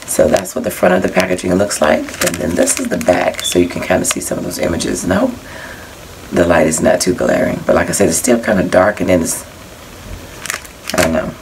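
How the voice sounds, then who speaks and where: A woman's voice: rumbling low, very animated, a little fast, background noise. A woman casually showing off craft supplies she bought, rambling a little and reading out prices and item numbers. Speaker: crafting haul vlogger.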